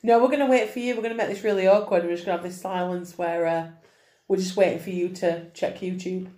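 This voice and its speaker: A woman's voice: fairly low pitch, steady tone, warm tone. A woman co-hosting a casual podcast, keeping the conversation moving with teasing remarks. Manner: brisk, teasing, steers the conversation. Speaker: podcast co-host. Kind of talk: casual chat. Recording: roomy, echoey room sound.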